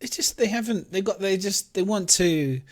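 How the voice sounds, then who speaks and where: A man's voice: high-pitched, moderate pace, darkish tone. A man with a London accent hosting a casual podcast chat, rambling and acting out imagined remarks. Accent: London English. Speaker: podcast host.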